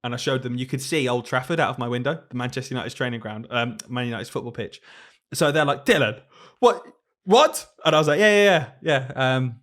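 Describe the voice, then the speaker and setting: A young man telling a story in casual podcast chat, animated and laughing often. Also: medium pitch, fast talker, hardly any pauses. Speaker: podcast co-host, teacher.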